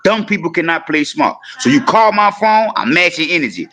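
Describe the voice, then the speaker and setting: A man from New Orleans with a New Orleans accent, a panel guest talking loud and profane in a boastful, storytelling way. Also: a little high, big pitch swings, a little fast. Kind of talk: casual panel chat.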